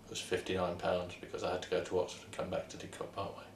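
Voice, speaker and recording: A man's voice: deep voice, completely flat delivery, quick pace, a little hiss or hum. A man co-hosting, telling a story about a train journey in a plain, matter-of-fact way. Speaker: co-host. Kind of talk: casual anecdote telling. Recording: roomy echo, distant mic.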